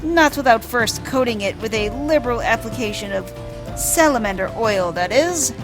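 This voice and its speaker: Woman putting on a pompous dramatic gentleman. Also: on the high side, animated, normal speed, music in the background, pitched above the performer's own voice, natural voice. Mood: grand. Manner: grandiose, melodramatic, overblown delivery. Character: pompous theatrical male gentleman adventurer.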